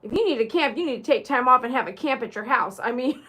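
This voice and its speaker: A woman's voice: on the high side, lively intonation, fast, pushed and bright. A woman hosting a casual livestream as a dog groomer, chatty and teasing as she talks straight to her viewers.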